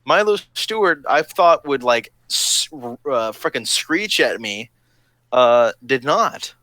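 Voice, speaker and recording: A man's voice: mid-range voice, big pitch swings, slow, sharp tone, dry recording. A man hosting a live stream chat, talking in a rambling, digressive, cheerfully provocative way. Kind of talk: casual chat.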